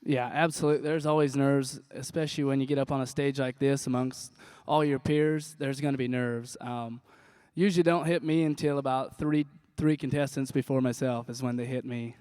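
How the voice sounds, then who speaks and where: A young man from Missouri, a contestant answering interview questions in a relaxed, plainspoken way. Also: medium pitch, brisk, clean tone, dry recording. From Missouri, USA. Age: young adult. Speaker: auctioneer contestant. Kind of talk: casual stage interview.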